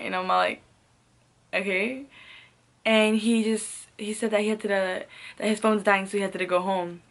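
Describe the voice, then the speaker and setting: A woman's voice: mid-range voice, level tone, moderate pace. Rambling, profane young woman telling a story. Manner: laughs often between phrases. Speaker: vlogger. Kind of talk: casual storytime.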